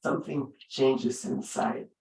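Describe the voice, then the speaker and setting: A man leading a yoga class, giving gentle, unhurried spoken cues with long pauses between them. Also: distant mic. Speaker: yoga instructor. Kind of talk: guided yoga instruction. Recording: roomy sound from off-mic.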